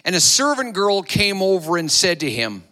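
A man's voice: high voice, big pitch swings, normal speed, bright, forceful tone. A man preaching a sermon to his church, retelling a story dramatically and acting out the voices. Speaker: pastor.

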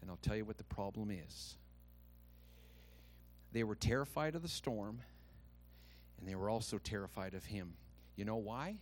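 A man pastor preaching a sermon. He swings from hushed asides to loud, shouted declarations and asks many rhetorical questions. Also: fairly low pitch, normal speed, long pauses, a little hiss or hum.

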